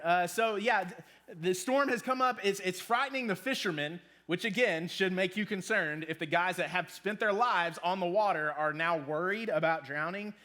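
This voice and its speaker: Man, 30s, high pitched, loose youth-group sermon w lots of ums. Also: pushed and bright. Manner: casual, joking, with many ums. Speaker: youth pastor. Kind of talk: sermon to students.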